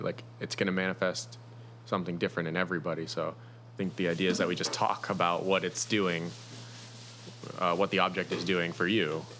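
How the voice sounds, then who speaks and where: Low-voiced man rambling through a story. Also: a bit bright. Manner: rambling anecdote teller with many restarts. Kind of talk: casual chat. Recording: noisy room recording.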